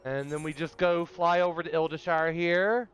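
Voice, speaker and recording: A man's voice: fairly high pitch, fairly even intonation, moderate pace, a bit bright, clean tone. A man streaming a game, chatting casually and gushing emotionally to his viewers, calling them darlings. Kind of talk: casual let's-play commentary. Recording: muffled lo-fi with faint game music.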